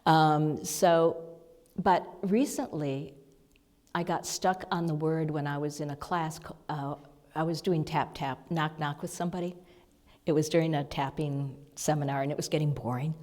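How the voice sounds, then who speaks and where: A woman minister with a low, steady voice gives a chatty sermon lesson while seated before her congregation in a church hall. Her storytelling is soft and halting, with breathy asides and laughs, and the large hall adds long reverb.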